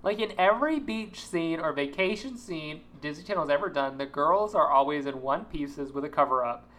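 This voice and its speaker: A woman's voice: sits low, expressive, normal speed, fairly bright tone. A woman co-hosting a podcast, retelling TV scenes with laughter, ums and restarts. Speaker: podcast co-host. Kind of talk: casual chat recapping a TV episode.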